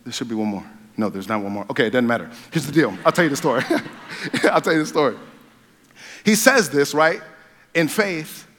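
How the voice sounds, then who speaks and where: A man preaching a sermon as pastor, talking conversationally with restarts and growing animated when he retells a story. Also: mid-range voice, brisk, slight background noise. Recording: long hall reverb.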